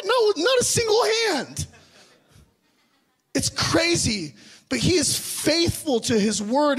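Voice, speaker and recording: A man's voice: extremely high pitch, a bit bright. A young adult man preaching a sermon, telling a personal story earnestly and asking the audience questions. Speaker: pastor.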